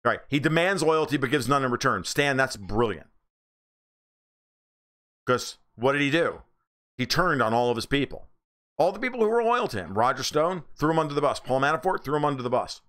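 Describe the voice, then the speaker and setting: A man's voice: expressive, a little fast, fairly bright tone. A man from the United States hosting a political livestream, reading chat comments and answering them in a blunt, sarcastic and profane way. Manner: mocks others in high squeaky voices.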